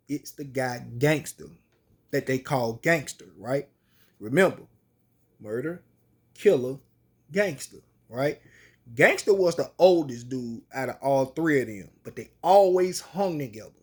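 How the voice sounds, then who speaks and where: A man's voice: mid-range voice, lively intonation, measured pace, pauses often, husky. A man telling a personal story in casual, slangy, colloquial speech.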